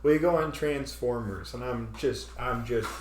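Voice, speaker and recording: A man's voice: mid-range voice, measured pace, noisy background. Laughing man telling a story in an echoey room. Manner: animated, laughing often, acts out his own panic. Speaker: podcast host. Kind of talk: casual storytelling chat.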